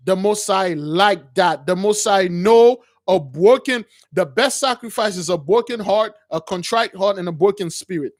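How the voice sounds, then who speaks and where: A man's voice: sits high, moderate pace, hardly any pauses, dry recording, studio quality. A man hosting a call-in show, preaching emphatically and often calling listeners brothers. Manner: emphatic, repetitive, keeps addressing listeners as brothers. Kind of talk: preaching to callers.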